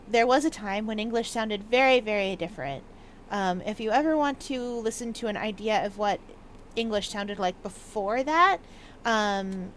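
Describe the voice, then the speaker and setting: A woman's voice: mid-range voice, a bit bright, a little hiss or hum. A young woman casually commenting as she plays a video game, playful and chatty, sometimes reading notes aloud in a mock old-fashioned manner. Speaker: gaming video host. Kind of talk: casual let's-play commentary.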